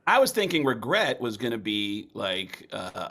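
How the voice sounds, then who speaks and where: A male podcast host with a bright, forceful voice that swings widely in pitch. He chats casually, laughs easily and keeps the questions coming. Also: measured pace, few pauses. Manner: expressive, laughs easily, asks follow-up questions. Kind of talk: casual chat.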